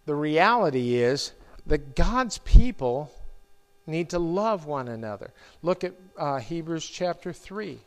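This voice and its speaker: A middle-aged man preaching from the pulpit of a church, his voice sitting a little high for a man. He speaks very slowly and haltingly, stopping to restart his sentences and filling the gaps as he goes. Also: very animated. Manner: slow, halting delivery with repeated restarts and fillers. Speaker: pastor. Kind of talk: sermon.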